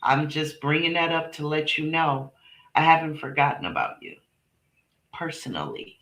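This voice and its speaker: A middle-aged woman with a deep, slightly bright voice hosts a casual live stream, speaking animatedly at a moderate pace. She's blunt and emphatic, repeats herself often, swears, and addresses chat viewers directly by name.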